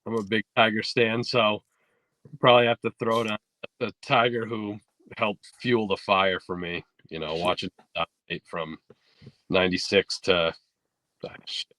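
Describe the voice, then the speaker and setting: A man's voice: on the low side, normal speed, no echo. Laid-back New man telling golf stories. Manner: relaxed storytelling with fillers and restarts. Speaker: podcast guest, golf instructor. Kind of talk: casual interview chat. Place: podcast studio.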